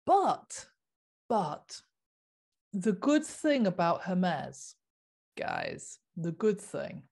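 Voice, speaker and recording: Slow-talking earnest woman vlogger. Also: on the low side, very animated, gravelly, darkish tone. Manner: earnest, repetitive, rhetorical questions. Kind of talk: impassioned casual monologue.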